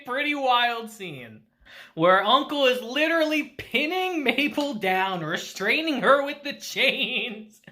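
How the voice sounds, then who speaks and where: A woman casually recapping an anime episode, laughing often and acting out the characters. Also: a little high. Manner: laughs often while retelling; animated, acts out characters in quick asides. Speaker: anime reviewer.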